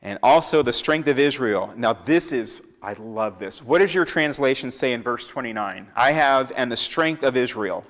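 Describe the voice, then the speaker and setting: A man gives a Torah teaching in a church hall whose long reverb trails after his words. He moves between plain explanation and acted-out lines for the characters in the story. His voice sits at an ordinary pitch for a man. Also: animated, normal speed, hardly any pauses, fairly bright tone. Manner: acts out biblical characters' lines with shifting voice. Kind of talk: Bible teaching. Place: church sanctuary.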